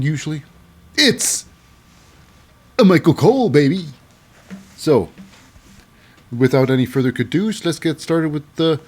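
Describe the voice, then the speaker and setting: A man's voice: mid-range voice, a little mellow. A man hosting a casual wrestling show recap, rambling with lots of fillers and hyping things up with "baby".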